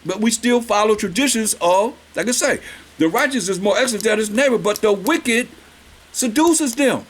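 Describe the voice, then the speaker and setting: A high-pitched man delivers a sermon, reading scripture verses slowly before explaining them in casual everyday language. He asks his listeners questions and draws out words for emphasis.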